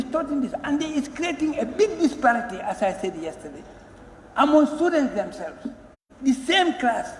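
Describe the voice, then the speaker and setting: High-pitched man in an echoey chamber. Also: a little hiss or hum. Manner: emphatic, pleading, repeats and restarts words. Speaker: member of parliament. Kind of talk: parliamentary speech. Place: parliament chamber. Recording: echoey chamber with long reverb.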